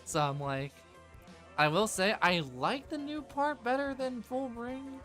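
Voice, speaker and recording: A man's voice: very high-pitched, measured pace, soft background music. A man hosting a tabletop game stream, chatting casually before the session with lots of restarts and fillers. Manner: rambling, animated, many filler restarts. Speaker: game master.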